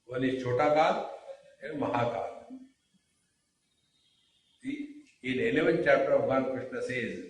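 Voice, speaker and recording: A man giving a spiritual discourse, speaking deliberately with rhetorical questions and pauses. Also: mid-range voice. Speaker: spiritual teacher. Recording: very echoey room, mic far off.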